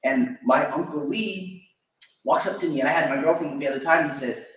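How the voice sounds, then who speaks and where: A man's voice: fairly high pitch, brisk. A young man giving a personal memorial tribute, telling stories and chuckling fondly. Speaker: eulogy speaker. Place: church sanctuary. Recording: echoey church from far off.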